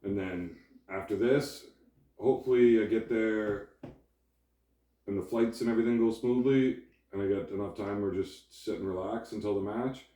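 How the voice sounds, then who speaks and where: A man's voice: on the low side, normal speed, mellow. A man as a guest in a casual chat, blunt and brash with his jokes. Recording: echoey room, distant mic.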